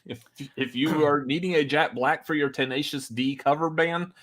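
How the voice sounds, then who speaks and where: A man's voice: a little high, fairly even intonation, moderate pace, a bit bright. A man co-hosting a casual podcast chat, hesitant, with many fillers and restarts, laughing often. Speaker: podcast co-host.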